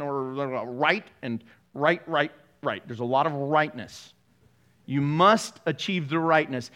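A male pastor preaching with a high, bright voice that swings all over the place. He jokes and laughs often and keeps tossing sarcastic asides to his congregation. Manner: animated, joking, laughs often. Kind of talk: sermon.

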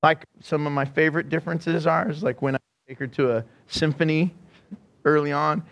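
A middle-aged man preaching in a church, his voice sitting high for a man. He tells stories with animated energy, acting out quotes and laughing along the way. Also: moderate pace, lo-fi sound. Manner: animated storytelling, acts out quotes and laughs often. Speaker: pastor. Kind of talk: sermon.

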